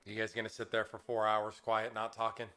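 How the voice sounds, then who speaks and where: Male game master, casual jokey narration, bright forward voice. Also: fairly low pitch, monotone, brisk. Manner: casual, joking.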